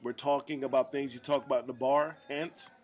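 A man's voice: medium pitch, fairly even intonation, brisk, a little mellow. A man co-hosting a podcast live in a bar, joking and swearing in casual chat. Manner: joking, swearing, laughs a lot. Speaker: podcast co-host and comedian.

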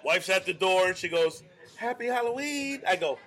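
A man hosting a casual bar podcast, telling a profane, animated story. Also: sits high, fairly quick, heavy background noise. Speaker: podcast host.

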